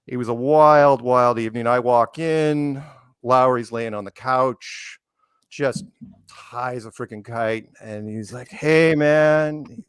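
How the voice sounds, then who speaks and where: A man hosts a casual talk show and tells teasing stories in a relaxed way. His pitch is ordinary for a man. The sound is dry and close, with little room. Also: measured pace, smooth, no echo. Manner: teasing storyteller, quotes people in put-on voices. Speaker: podcast host. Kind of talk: casual chat.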